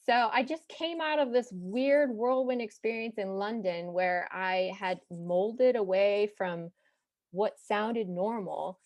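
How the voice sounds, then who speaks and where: A young woman from Texas with no regional accent, telling a personal story to an audience in a chatty, animated way with side remarks. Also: medium pitch, slow, dry recording, highs cut off. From Texas, United States.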